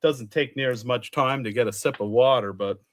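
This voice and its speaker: A man's voice: medium pitch, normal speed. A man in casual chat, rambling through results and stories from an event he worked as an official. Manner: rambling, chatty, reads out results. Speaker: truck pull official.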